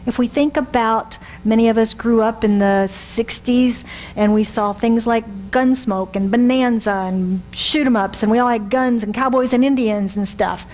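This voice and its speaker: Woman minister in her sixties, higher voice. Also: steady tone, moderate pace, a little mellow, a little hiss or hum, poor audio. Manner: conversational, asks the congregation rhetorical questions. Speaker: reverend. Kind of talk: sermon.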